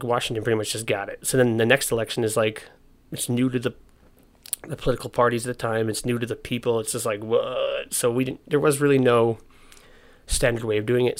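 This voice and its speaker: Gravelly young man explaining history casually. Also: medium pitch. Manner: slangy, joking asides. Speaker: history presenter.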